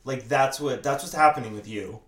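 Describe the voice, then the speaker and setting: A woman's voice: extremely low pitch, fairly quick, slight background noise. A young woman co-hosting a podcast, telling stories in a casual chat, acting out quotes and laughing often. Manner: animated storyteller, acts out quotes, laughs a lot. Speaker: podcast co-host. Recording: roomy echo.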